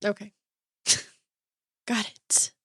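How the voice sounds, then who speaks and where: A young woman co-hosting a podcast, joking around in a casual, animated way. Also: extremely slow, no room sound, studio quality. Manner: jokey, animated. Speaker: podcast co-host. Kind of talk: casual chat.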